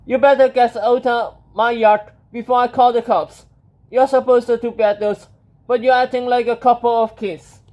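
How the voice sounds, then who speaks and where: A storybook reader voicing an angry grown man who shouts at his neighbors, in a dull lo-fi recording. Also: mid-range voice, little pitch movement, normal speed, close to an everyday voice. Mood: yelling. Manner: shouting, raised voice.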